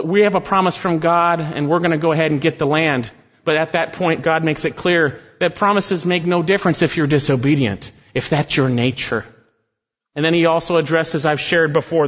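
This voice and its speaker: A man preaching an expository sermon, emphatic, repeating phrases for weight and slowing down on key words. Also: a little high, fairly bright tone. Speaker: pastor. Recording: muffled sound with long hall reverb.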